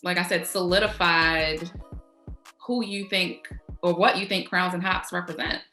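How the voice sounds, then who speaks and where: A woman's voice: on the low side, steady tone, measured pace, bright, forceful tone, roomy sound, soft background music. A woman hosting a casual interview, asking thoughtful conversational questions. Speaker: interview host.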